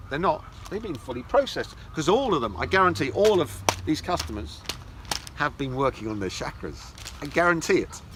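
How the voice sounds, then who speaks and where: A man's voice: fairly high pitch, sing-song, moderate pace, background noise. A man giving a mocking lecture, reading articles aloud with scornful, sarcastic asides. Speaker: esoteric teacher.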